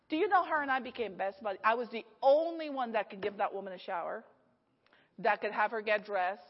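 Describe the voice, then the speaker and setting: A high-voiced, middle-aged woman tells a personal story from the pulpit, lively and quick to laugh as she acts out each character. Her voice rings through a reverberant church hall, and the recording sounds slightly dull. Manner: animated, laughs often, acts out the people in her stories. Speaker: preacher. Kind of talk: storytelling sermon.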